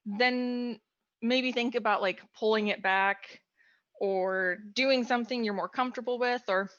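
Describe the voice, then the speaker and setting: A woman's voice: fairly high pitch, fairly even intonation, unhurried, fairly bright tone, no echo. A woman on a tabletop gaming panel, chatting and handing out advice while laughing at herself, recorded with dull, muffled audio. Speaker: tabletop game player, panelist. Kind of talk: casual panel chat.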